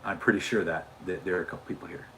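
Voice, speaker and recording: Rambling man with a bright voice. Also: sits low, steady tone, rapid-fire, a little hiss or hum. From Utah. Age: adult father. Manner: rambling, often restarting and repeating words. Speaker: livestream host. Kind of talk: casual livestream chat answering viewers.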